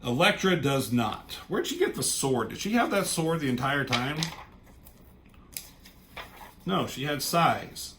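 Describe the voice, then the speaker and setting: A man's voice: medium pitch, animated, measured pace, pauses often, fairly bright tone, slight background noise. Rambling, profane man reviewing comics. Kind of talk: casual comic review chat.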